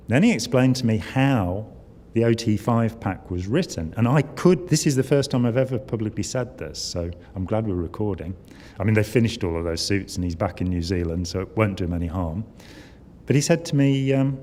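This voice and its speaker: A man's voice: lowish voice, a little fast, a little mellow. An older man giving a conversational talk at a conference, wry and full of asides. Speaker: conference speaker. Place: conference hall. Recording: long hall reverb.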